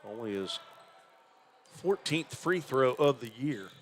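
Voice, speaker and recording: A man's voice: medium pitch, lively intonation, takes it slowly, slight background noise. Man calling college basketball play-by-play. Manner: conversational, thinks aloud about stats. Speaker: play-by-play announcer. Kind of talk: live basketball commentary.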